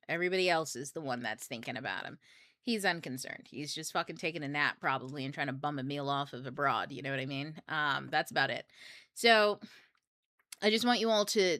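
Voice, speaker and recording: A woman's voice: low-pitched, sharp tone, no echo. A young adult woman hosting a book club, talking casually about astrology in a rambling, candid way, swearing freely. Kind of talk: casual livestream talk on astrology.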